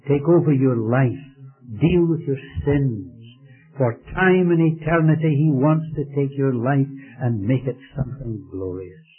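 A male preacher pleading earnestly in a sermon, then leading a prayer. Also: medium pitch. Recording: tinny phone-like old radio recording with faint music.

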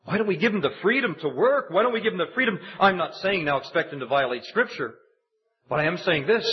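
A man's voice: expressive, fast talker. Man preaching, lo-fi sermon recording. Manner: rises to high, emphatic preaching. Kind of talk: sermon with storytelling. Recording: dull lo-fi recording.

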